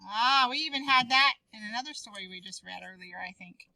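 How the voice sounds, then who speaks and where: A woman teaches young writers, calling on each child by name with encouragement. Her voice sits high and rings very bright. The sound is dry and close. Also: a little fast, vocal fry, dry recording, poor audio. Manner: encouraging, calls on students by name. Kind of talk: classroom writing lesson.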